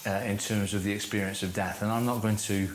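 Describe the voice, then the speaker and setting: A man leading a church course, giving a teaching talk to a group and slowing down to stress key phrases. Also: fairly low pitch, steady tone, slight background noise. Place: room with a live audience. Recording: echoey room.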